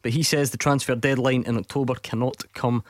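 A man with a Scottish accent presenting a football phone-in, brisk and wry as he steers the chat. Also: medium pitch, steady tone, a little hiss or hum. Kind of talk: sports radio phone-in hosting. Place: radio studio.

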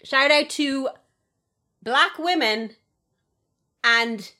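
A woman's voice: sits high, drawn-out words, pushed and bright. A woman co-hosting a podcast, talking bluntly and heatedly with plenty of swearing. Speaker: podcast co-host. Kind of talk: casual chat.

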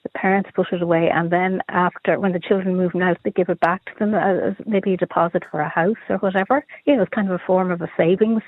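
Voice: medium pitch, fairly even intonation, quick pace, hardly any pauses, dry recording. Caller, hesitant and rambling, tinny phone line, dry sound. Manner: hesitant, rambling, many restarts. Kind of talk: phone-in chat.

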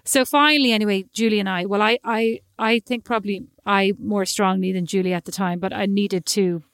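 A woman's voice: mid-range voice, steady tone, fairly quick, a bit bright, dry recording, studio quality. A woman co-hosting a podcast, chatting and telling a story, acting out the people she quotes. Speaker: podcast co-host. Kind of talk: casual chat.

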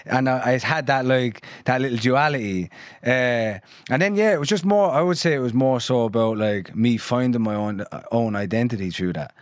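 A man's voice: medium pitch, moderate pace, dry recording, clean studio sound. A young man who grew up between London and Ireland, chatting loosely as a podcast guest, swearing freely and filling his talk with "like" and "you know". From London and New Ross, Ireland. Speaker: musician guest. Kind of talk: casual podcast chat.

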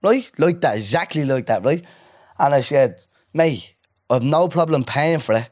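A man, co-hosting a casual podcast and telling a story with lively asides, acting out the people he quotes. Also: a little high, normal speed. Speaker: podcast co-host. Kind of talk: casual chat.

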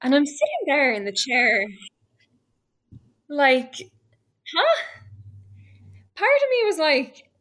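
Bright-voiced Irish woman telling her story. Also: sits high, huge pitch swings. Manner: earnest and emotional, with halting restarts. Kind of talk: personal storytelling.

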